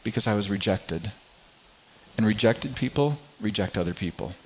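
A man preaching a sermon, telling a personal story in a halting way, often repeating words and growing quiet at painful moments. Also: on the low side, expressive, slightly rough. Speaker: pastor. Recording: slightly dull lo-fi sound.

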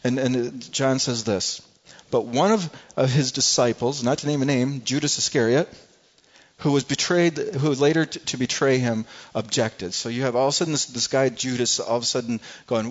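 Male preacher, mid-pitched, chatty and repetitive, dull lo-fi sound. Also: fairly even intonation, moderate pace. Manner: conversational, repeats words, acts out quotes. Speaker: pastor. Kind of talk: sermon.

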